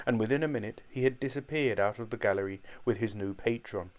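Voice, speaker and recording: A man reading an audiobook as narrator, in measured, even storytelling. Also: on the low side. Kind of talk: scripted narration.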